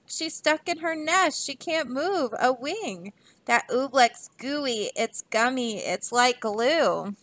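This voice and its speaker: A woman's voice: sits high, expressive, slow pace, fairly bright tone, dry recording, full character voice. A woman voicing an earnest, anxious page boy while reading a storybook aloud. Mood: urgent. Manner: urgent, pleading.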